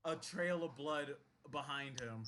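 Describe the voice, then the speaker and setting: A man narrating as game master of a tabletop game, halting and full of fillers. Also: fairly high pitch, pushed and bright, slight background noise.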